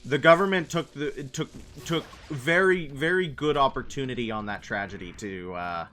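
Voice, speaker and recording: A man's voice: medium pitch, moderate pace, sharp tone, faint music behind. A young man chatting casually while streaming a game, rambling and answering his chat's messages. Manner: meandering, answers chat messages aloud. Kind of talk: casual gaming livestream chat.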